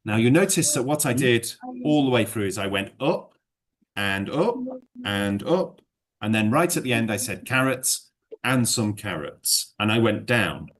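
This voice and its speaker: A man teaching English one-to-one in a relaxed lesson chat, rambling and hedging with many fillers, then explaining through worked examples. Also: on the low side, moderate pace.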